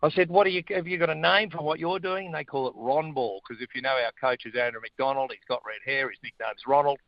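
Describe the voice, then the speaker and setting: A middle-aged man with an Australian accent, a guest chatting casually about sport in a blokey, animated way. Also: medium pitch, fast, dry recording, muffled recording. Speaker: guest, former rugby player and radio host.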